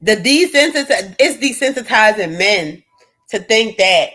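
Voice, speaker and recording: A woman, hosting a livestream and ranting bluntly and profanely to her chat, swinging between loud and low. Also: animated, unhurried. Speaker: livestream host. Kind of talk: casual livestream rant.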